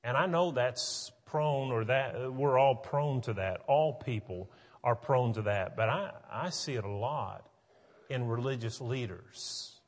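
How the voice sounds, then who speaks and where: Husky-voiced preacher in an echoing hall. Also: male voice, mid-range voice, measured pace. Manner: earnest, building to emphatic. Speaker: pastor. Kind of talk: sermon.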